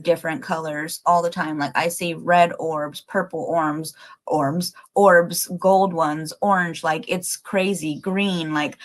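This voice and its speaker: A woman chatting live with her viewers in a slightly low voice. She rambles and thinks out loud, packing her talk with fillers and casual swearing. She sounds excitable and easygoing. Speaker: livestream host. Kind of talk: casual livestream chat with viewers.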